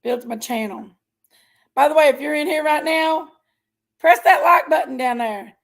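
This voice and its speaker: A woman's voice: high-pitched, moderate pace, gravelly, very noisy. A woman hosting a casual livestream, chatting in a folksy way and greeting viewers by name. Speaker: livestream host.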